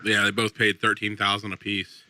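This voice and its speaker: Man, podcast co-host, matter-of-fact, flat monotone delivery, very sharp bright tone. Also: on the low side, fairly quick, no room sound. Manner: matter-of-fact storyteller with fillers. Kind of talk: casual chat.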